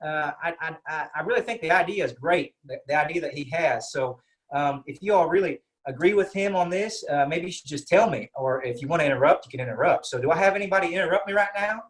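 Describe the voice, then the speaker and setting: A man's voice: a little high, fast talker, lightly acted. A man voicing Cletus, a friendly, rambling male Texan cousin with a Texas accent who stammers and keeps coaxing people to interrupt him, heard over a video call. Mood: chummy.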